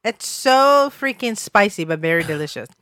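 Lively, bright-voiced woman in her thirties. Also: mid-range voice, moderate pace, a little hiss or hum. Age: 30s. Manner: animated, blunt, laughs often. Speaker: podcast co-host. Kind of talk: casual chat.

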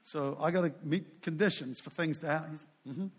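An older man preaching a sermon in a relaxed, chatty manner, his voice sitting a touch higher than most men's. He wanders off into asides and pokes fun at himself. He keeps a friendly, unpolished tone. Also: normal speed, slightly rough. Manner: conversational, rambling with asides and self-deprecating humor. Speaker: pastor.

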